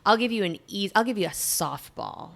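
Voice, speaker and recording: A woman co-hosting a podcast in casual chat, quick and enthusiastic as she leads a game. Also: mid-range voice, lively intonation, gravelly. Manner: warm, quick and enthusiastic when running the game. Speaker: podcast co-host.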